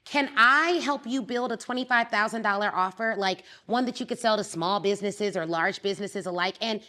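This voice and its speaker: A woman hosting a podcast who interviews her guest with short affirmations, then reads an upbeat promotion. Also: fairly quick. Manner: warm affirming listener, upbeat pitch in the promo. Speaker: podcast host, business coach. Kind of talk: conversational interview and ad read.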